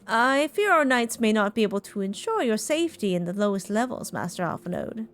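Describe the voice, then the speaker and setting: A woman's voice: mid-range voice, big pitch swings, fairly quick, fairly bright tone. A woman voicing a courteous, formal city guide who describes the sights in stately, old-fashioned phrasing, with faint game music behind her. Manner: stately, courteous narration of a tour.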